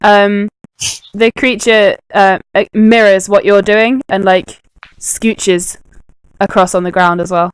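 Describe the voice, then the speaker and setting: A woman's voice: mid-range voice, steady tone, takes it slowly, smooth, no room sound, poor audio. A woman narrating a tabletop game as game master, descriptive and full of hesitant fillers.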